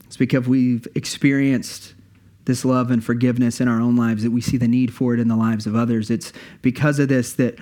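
A man's voice: medium pitch, little pitch movement, brisk, mellow. Earnest male pastor preaching. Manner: earnest, builds with repeated phrases. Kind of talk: sermon.

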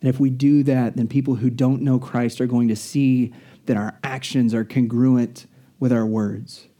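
A male preacher delivering a sermon in an earnest, storytelling style. His voice is very dark and mellow, and he drags out important phrases for weight. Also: medium pitch, little pitch movement. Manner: earnest, storytelling, slows down for emphasis.

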